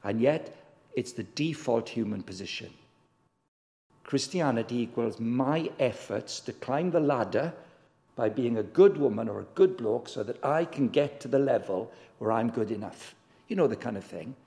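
Man, guest preacher, sermon, conversational, very animated pitch, long hall reverb. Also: normal speed, creaky. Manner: conversational, asks the congregation questions; acts out quoted voices with big pitch swings.

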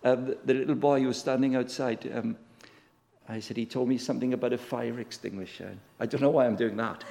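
A man's voice: mid-range voice, steady tone, brisk, gravelly, warm tone, slight background noise. A man preaching a sermon, telling stories and acting out the voices in the dialogue. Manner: storytelling, acts out voices in dialogue. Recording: long hall reverb.

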